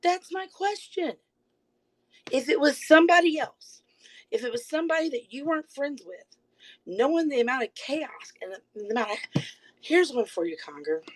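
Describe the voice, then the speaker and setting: Confrontational woman streamer, quick pointed questions. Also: high voice, rough recording. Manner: rapid bursts, insists she is calm. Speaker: live streamer. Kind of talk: livestream call-out rant. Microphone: phone.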